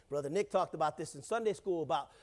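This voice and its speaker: A man's voice: on the high side, a little fast. A male pastor preaching a sermon in church, in a casual, joking way, often calling out to the congregation.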